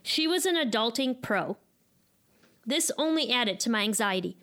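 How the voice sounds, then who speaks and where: Woman, 30s, Chicago accent, live storyteller, self-deprecating and candid, slightly high voice. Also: animated, moderate pace, pushed and bright.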